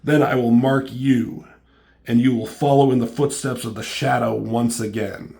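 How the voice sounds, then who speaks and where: A man's voice: mid-range voice, fairly even intonation, moderate pace, creaky, a little mellow, natural voice. A man reading out the lines of a grandiose, ranting masked villain knight, monologuing. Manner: reads lines aloud in a monologuing tone.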